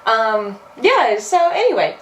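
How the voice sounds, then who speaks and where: Woman in her twenties or thirties, casual movie review co-host, chatty, laughing, higher voice, roomy distant sound. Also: very animated, takes it slowly. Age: 20s or 30s. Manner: chatty, laughs often, many fillers. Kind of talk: casual chat. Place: in a car. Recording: roomy, distant, faint background hum.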